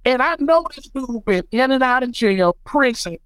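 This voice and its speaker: A man's voice: very high voice, normal speed, clear, resonant tone, no room sound, rough recording. American guy talking hip hop on a podcast, real emphatic, dry mic. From United States. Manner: animated, emphatic storyteller. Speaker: guest beatmaker. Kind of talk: casual podcast chat.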